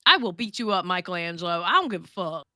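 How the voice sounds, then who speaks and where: A woman's voice: lowish voice, big pitch swings, fast talker, pushed and bright, no room sound, clean studio sound. A woman co-hosting a livestream in casual chat, tipsy, brash and crude, swearing a lot. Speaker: livestream co-host.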